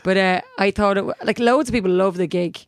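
Irish female co-host, mid-pitched, anecdotal, dry studio sound. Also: quick pace, no room sound. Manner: chatty anecdotal storytelling, acts out other people's lines. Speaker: podcast co-host and DJ. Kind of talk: casual chat.

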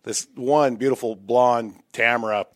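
A man's voice: mid-range voice, unhurried, dry recording, studio quality. A man casually telling a long funny story, laughing often and acting out the lines of the people in it. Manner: animated, laughs often, acts out quotes. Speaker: guest storyteller.

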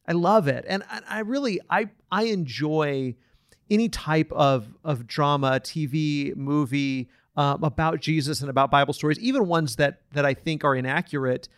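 Earnest man, fairly high voice. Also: moderate pace, clean tone, no echo, clean studio sound. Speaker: podcast co-host. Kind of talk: casual Bible study discussion.

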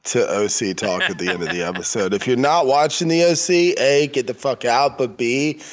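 A man in his thirties trades jokes and teasing in a relaxed podcast chat. His voice sits at an ordinary middle pitch, and he keeps the talk loose and playful. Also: moderate pace. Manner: joking, teasing, quotes lines from a show. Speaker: podcast co-host. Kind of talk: casual chat.

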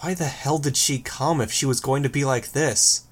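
Guy narrating a novel, even steady reading. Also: mid-range voice, normal speed. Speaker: audiobook narrator. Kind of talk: first-person novel reading.

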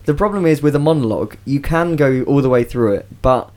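A chatty young man co-hosting a podcast in a relaxed talk. His voice is smooth and clear, at a middle pitch. He tends to stumble and repeat words as he goes. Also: fairly quick. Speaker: podcast co-host, stage actor. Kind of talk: casual chat.

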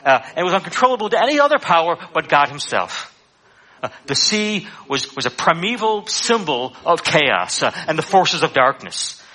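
A man delivers a sermon in a bright, slightly husky voice that sits a little high. He preaches with animated energy and acts out the lines he quotes. Fillers slip in between his points. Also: moderate pace.

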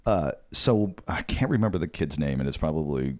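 A man's voice: rumbling low, expressive, normal speed, darkish tone. A middle-aged man co-hosting a casual podcast, wisecracking and rambling through anecdotes. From Chicago, Illinois. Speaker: co-host.

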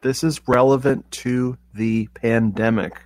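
A man's voice: mid-range voice, steady tone, measured pace, darkish tone, no echo. A man appearing as a podcast guest, chatting about a movie with dry, wry jokes. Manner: dry, wry joking asides. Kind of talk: casual movie discussion.

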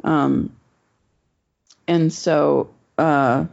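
A woman's voice: sits low, fairly even intonation, drawn-out words, creaky, darkish tone. A woman telling a personal story in casual chat, rambling and swearing, with many fillers. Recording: dull lo-fi recording.

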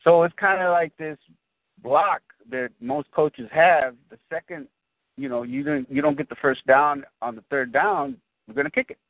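A man's voice: a little high, unhurried, vocal fry, no echo. A man talking sports in a loose, rambling way, doubling back on his sentences and building up steam as he makes his case. His voice is dry and close, with narrow, phone-like sound. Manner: rambling, restarts sentences, animated when explaining. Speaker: podcast co-host. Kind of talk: casual sports chat.

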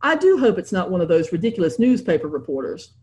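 A woman's voice: on the low side, sing-song, fast talker, darkish tone, slight background noise. A woman voicing a fussy, genteel middle-aged mother. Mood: fretful.

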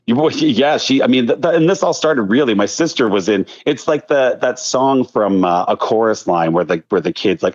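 A man's voice: on the low side, moderate pace. A man in his thirties from the Philadelphia area, a choreographer chatting as an interview guest, telling stories animatedly with many restarts. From Delaware County outside Philadelphia, USA. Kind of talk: casual interview chat. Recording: dull lo-fi recording.

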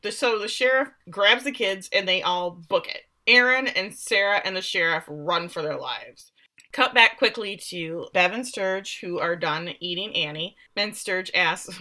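A woman's voice: medium pitch, unhurried. A woman co-hosting a podcast, animatedly recapping a TV episode and acting out characters' lines. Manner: animated, laughs often, acts out characters' lines. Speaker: podcast co-host recapping a show. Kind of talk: casual chat.

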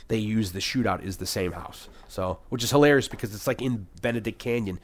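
A man co-hosting a casual movie podcast, retelling scenes with animated energy and quickly acting out lines. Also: on the low side. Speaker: podcast co-host.

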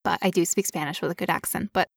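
A woman's voice: on the low side, fast talker, creaky, dry recording. Tired woman in her 30s cohosting a podcast, jokey and playful, dead dry mic. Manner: jokey, playful, breaks into laughter. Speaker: podcast co-host. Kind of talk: casual podcast chat.

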